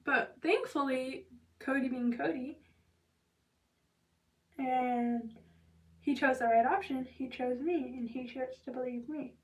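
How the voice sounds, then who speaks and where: A woman's voice: sits high, fairly even intonation, slow, long pauses, recorded from a distance. A young woman vlogger telling a story in a loose, chatty way, filling it with "like" and "blah blah" and dropping to a whisper for asides. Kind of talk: casual storytelling.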